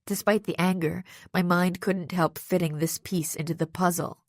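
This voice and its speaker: A woman reading a first-person audiobook narration in a steady, even storytelling manner, close to the microphone. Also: lowish voice, normal speed, no echo. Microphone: close studio microphone.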